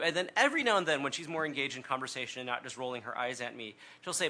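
A middle-aged man giving an earnest, conversational sermon talk, often pausing with "um" and "right?". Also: medium pitch, expressive, pushed and bright. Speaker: speaker on prayer.

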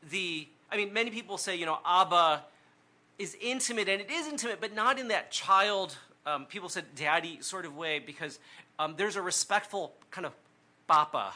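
A middle-aged man giving an earnest, conversational sermon talk, often pausing with "um" and "right?". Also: high-pitched, sharp tone. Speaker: speaker on prayer.

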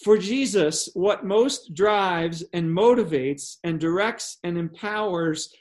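High-voiced man preaching with emphasis. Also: takes it slowly. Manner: emphatic, rhetorical questions, drops low on key words. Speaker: pastor. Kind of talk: sermon.

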